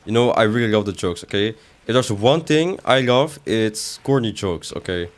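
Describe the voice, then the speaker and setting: During a live gaming stream, a young man with a lowish, lively voice chats at a moderate pace. He reads messages from chat and trades jokes with them, and his pitch jumps when he protests.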